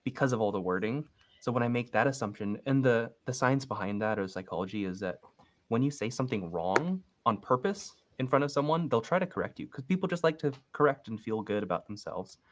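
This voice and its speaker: A man's voice: medium pitch, a little fast, slight background noise. A young man on a casual coaching call, walking through his steps one at a time and acting out sample phone calls. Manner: relaxed, explains step by step and acts out sample phone calls. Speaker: real estate investing coach. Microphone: video call.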